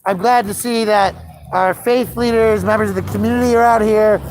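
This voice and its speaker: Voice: mid-range voice, fairly even intonation, fairly quick, slight background noise. A citizen journalist giving heated, impassioned commentary while filming on a city street. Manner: impassioned, builds into an indignant rant.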